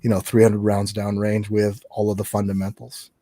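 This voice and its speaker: A man's voice: on the low side, monotone, dark tone, slight background noise. A man from Canada, a guest instructor, chatting casually on a podcast and restarting his sentences. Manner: fast, repeats words while restarting sentences.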